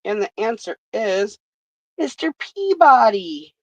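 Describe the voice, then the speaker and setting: Woman streamer, slow casual trivia host, dry close sound, dull lo-fi audio. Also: fairly high pitch, very animated, no room sound. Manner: reads questions slowly, swears freely.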